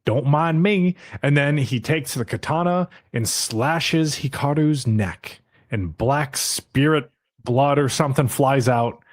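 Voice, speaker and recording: A man's voice: medium pitch, slow pace, no room sound. Man retelling an anime episode, dry mic. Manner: retells scenes, briefly putting on the characters' voices. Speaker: podcast co-host. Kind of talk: casual recap of an anime episode. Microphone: podcast mic.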